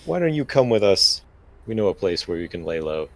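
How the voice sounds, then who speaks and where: A man voicing a calm, persuasive male vampire who cuts deals in a tabletop game. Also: sits low, a little fast, no room sound, poor audio. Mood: scheming. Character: smooth scheming male vampire dealmaker.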